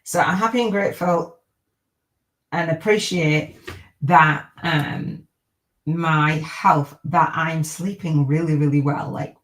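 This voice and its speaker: A woman's voice: low voice, low-quality recording. A middle-aged woman hosting a live-streamed podcast, chatting in an upbeat, rambling way and repeating gratitude affirmations. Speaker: podcast host.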